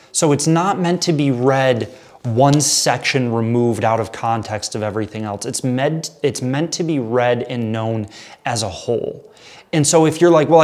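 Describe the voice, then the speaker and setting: A man's voice: medium pitch, darkish tone. An earnest man teaches a midweek Bible study, speaking conversationally to a camera audience. He reads scripture passages aloud and then rephrases them in plain, everyday words. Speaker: pastor.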